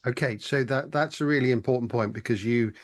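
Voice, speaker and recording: A man's voice: medium pitch, brisk. Thoughtful podcast host man. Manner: thoughtful, many fillers and restarts while framing questions. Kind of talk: interview questions.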